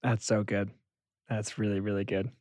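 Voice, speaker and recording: A man's voice: fairly low pitch, flat delivery, normal speed, a little mellow, dry recording, clean studio sound. Earnest man hosting a podcast. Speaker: podcast host. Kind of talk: podcast interview.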